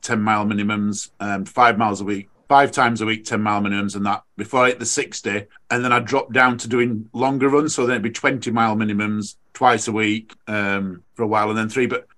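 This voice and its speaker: Chatty British man telling stories. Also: mid-range voice. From United Kingdom. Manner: chatty storyteller, animated when excited, many fillers. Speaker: race director guest. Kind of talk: casual podcast chat.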